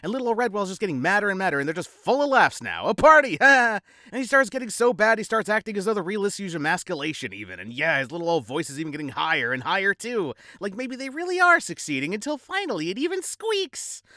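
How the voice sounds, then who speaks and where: A man's voice: high voice, big pitch swings, quick pace, sharp tone, no room sound, studio quality. A man narrating a novel in first person, with a sardonic, rambling, wry delivery. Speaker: audiobook narrator.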